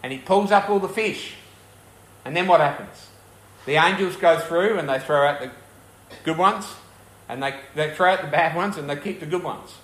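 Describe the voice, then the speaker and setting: A man's voice: on the high side, normal speed, a bit bright, roomy sound. A man preaching a sermon as pastor, earnest and conversational, often asking the congregation questions.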